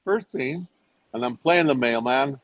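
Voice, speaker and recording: Older english guy spinning showbiz stories, lots of voices for other people, dry flat-sounding lo-fi audio. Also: unhurried, no echo. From England. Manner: animated storyteller, jumps to high voices when quoting others. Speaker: actor guest. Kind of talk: casual anecdote telling.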